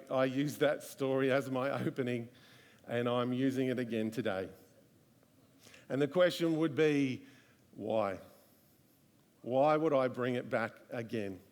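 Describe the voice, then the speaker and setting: A man's voice: mid-range voice, a little mellow. A man preaching a live church sermon, earnest and full of rhetorical questions. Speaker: pastor. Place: church service.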